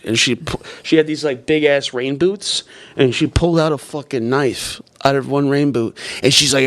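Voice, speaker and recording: A man's voice: medium pitch, steady tone, normal speed, a bit bright. A young man hosting a podcast, telling a rambling story in casual chat and laughing along. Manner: rambling, laughs through story, lots of fillers. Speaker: podcast host.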